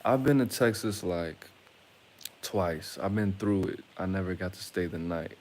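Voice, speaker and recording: A man's voice: low voice, measured pace, darkish tone, a little hiss or hum. A man from Atlanta casually telling rambling, joking, crude stories to his viewers. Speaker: streamer.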